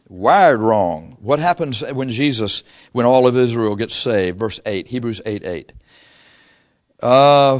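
A man preaching a sermon in a folksy, animated way, reading scripture briskly and dropping to low asides between loud points. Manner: reads scripture in a brisk run.

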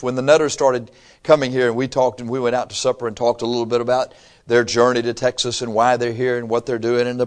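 A man from Michigan delivering a church sermon. He preaches in a folksy, animated way, mixing joking asides with earnest teaching. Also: mid-range voice. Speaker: pastor.

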